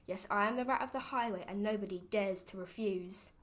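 Lady putting on a bossy bragging robber rat, loud and chanty, storybook baddie. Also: medium pitch, a little fast, lightly acted. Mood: boastful. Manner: boastful, bullying, chanting his rhyme. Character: greedy swaggering male highway rat robber.

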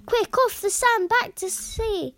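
A woman's voice: sits high, slow pace, a bit bright, voice pushed up. A woman voicing a tiny, brave female sea snail in a picture-book read-aloud, small and earnest. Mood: urgent.

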